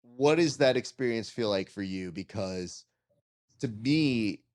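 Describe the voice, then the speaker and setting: A man hosting a casual interview podcast, telling stories in an animated, joking way. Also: lowish voice, slow pace. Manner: animated joking storyteller, acts out quotes. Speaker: podcast host.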